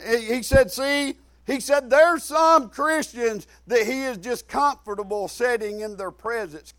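A middle-aged man, preaching a folksy sermon full of repetition and sudden shouted emphasis. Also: very high-pitched, dry recording.

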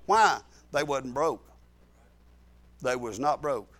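A pastor preaches in a very high, bright, forceful voice at a slightly slow pace. His folksy delivery rises into loud shouts and then drops to quiet asides.

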